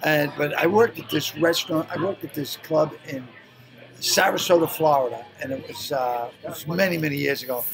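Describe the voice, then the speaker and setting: An older man with a Boston accent, a stand-up comedian telling profane, animated stories in casual chat. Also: a little high, moderate pace, creaky, soft background music, rough recording. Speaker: comedian guest.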